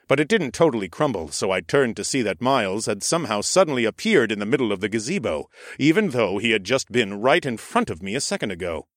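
A man narrating a first-person audiobook in an expressive, sardonic storytelling manner. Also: on the low side, no echo, clean studio sound.

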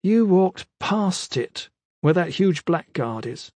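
A man voicing a scornful young male scholar-priest in an audiobook, pitched well above his narration, condescending. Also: lively intonation, slow, a little mellow, no echo, heavily acted. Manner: sneering, condescending.

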